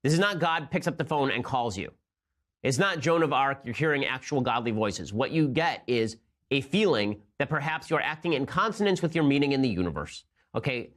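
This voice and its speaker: As the show's host, a political commentator launches into a quick, combative, sarcastic opinion monologue. His voice sits in the mid-range with a bit of brightness.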